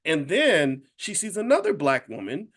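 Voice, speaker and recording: Animated storytelling man in his fifties. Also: on the high side, normal speed. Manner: animated, addresses listeners directly as y'all. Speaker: speaker and wealth educator. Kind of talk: casual storytelling talk to an audience.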